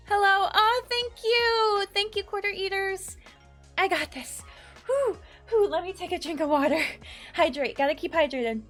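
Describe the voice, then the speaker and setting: A woman's voice: sits high, a bit bright. A woman streaming live, chatting casually and nervously with her viewers, giggling and greeting people by name. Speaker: VTuber streamer. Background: faint background music.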